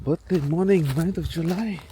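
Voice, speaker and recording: A man's voice: on the high side, moderate pace. A man in his forties, a travel vlogger, talking casually to his camera outdoors and laughing at himself often. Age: 40s. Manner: chatty and self-deprecating, laughs often. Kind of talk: casual vlog talk to camera. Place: outdoors on a road trip, by a van and on hikes. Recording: loud outdoor wind and vehicle noise.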